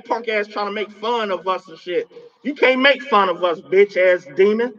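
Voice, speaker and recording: A livestreamer with a fairly high voice rants at a spirit, cursing and taunting it confrontationally at a moderate pace. When he gets worked up he stammers and repeats words, and the audio is muffled and lo-fi, like a phone mic.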